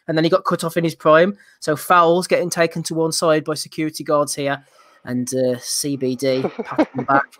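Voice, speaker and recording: A man hosting a casual podcast, laughing often and briskly reading out listener nominations on a close mic. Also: fairly high pitch, flat delivery, a bit bright, no echo. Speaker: podcast host.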